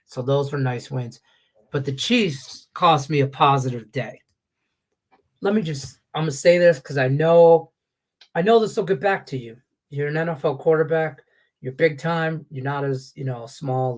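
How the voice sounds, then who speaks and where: A man on a sports betting show, ranting with profanity and heat, his voice congested from stuffed sinuses. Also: mid-range voice. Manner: profane, ranting, heated and animated. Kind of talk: casual sports betting talk show rant. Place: Las Vegas.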